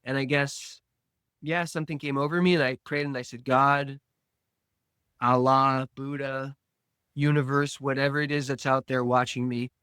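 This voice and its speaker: A man speaks at an unhurried pace, earnestly recounting a personal story and voicing the lines of the people in it. His voice sits at an ordinary middle pitch, recorded close and dry with no room sound. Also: steady tone, a bit bright, clean tone, dry recording. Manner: earnest, slow storytelling with reenacted dialogue. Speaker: podcast guest.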